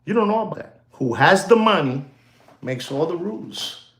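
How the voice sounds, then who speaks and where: Talking watches and gold prices, this dealer and commentator has a fairly high, animated voice at a normal speed. He's chatty and repetitive, full of "you know"s and bits of Spanish slang, hyping and joking with viewers he calls "ladies and gentlemen". The recording has a roomy echo.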